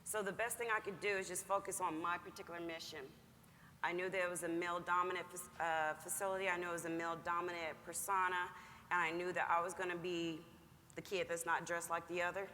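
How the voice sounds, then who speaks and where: A woman Marine speaking on a panel, recounting her experience in a steady, measured, reflective way. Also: lowish voice. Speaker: Marine master gunnery sergeant panelist. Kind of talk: panel answer, personal account. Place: large conference hall. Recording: long hall reverb with faint noise.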